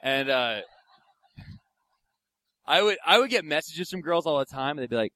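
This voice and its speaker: Young male stand-up comic; profane, ranting delivery, animated pitch, dry close sound. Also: normal speed, dry recording. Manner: profane, ranting, acts out quoted voices. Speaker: stand-up comedian. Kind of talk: stand-up comedy set.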